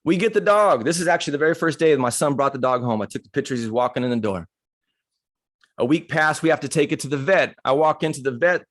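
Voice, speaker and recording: A man's voice: a little high, expressive, fast talker, dry recording, studio quality. A man giving a motivational talk, telling personal stories in a casual, candid and humorous way. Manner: casual, conversational, acts out dialogue in stories. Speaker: motivational speaker.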